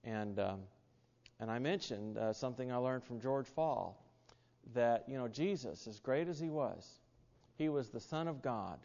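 A man's voice: mid-range voice, animated, measured pace, vocal fry, a little mellow. A male preacher giving a sermon, telling a story in a folksy way with many fillers and restarts. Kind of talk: sermon with personal anecdote. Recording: dull sound in a reverberant hall.

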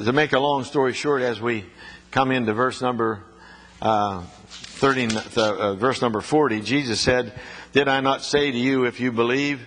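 Husky man preaching in a reverberant hall. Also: medium pitch, a bit bright. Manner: folksy storytelling, rising to emphatic preaching. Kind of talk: sermon.

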